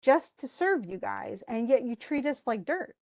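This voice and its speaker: A woman's voice: high voice, very animated, a little slow, darkish tone. A woman voicing a furious, proud young male warrior in a casual, heated retelling voice. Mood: angry.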